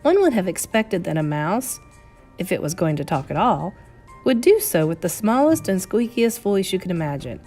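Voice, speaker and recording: A woman narrating a children's novel read-aloud in an expressive storytelling manner. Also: on the low side, moderate pace, soft background music.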